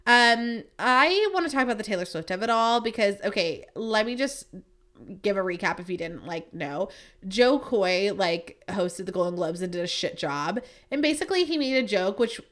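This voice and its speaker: A woman hosting a laid-back chat show, her speech full of fillers as she tumbles from one thought to the next. She sounds animated and opinionated, bouncing between excitement and exasperation. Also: mid-range voice, moderate pace. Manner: chatty, filler-heavy "like" talk. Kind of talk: casual chat.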